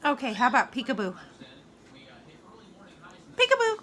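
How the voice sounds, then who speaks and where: A woman's voice: on the high side, expressive, unhurried, pushed and bright. A woman chatting and cooing to her pet birds in a playful baby-talk way, laughing often. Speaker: vlogger feeding pet birds. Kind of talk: casual chat to pets.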